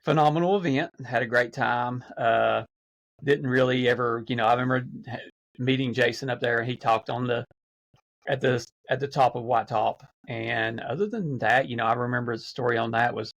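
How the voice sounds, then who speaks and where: A man's voice: medium pitch, fairly even intonation, normal speed, creaky, fairly bright tone, poor audio. A man, a podcast guest, telling stories in a rambling casual way, with many fillers and restarts. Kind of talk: casual storytelling.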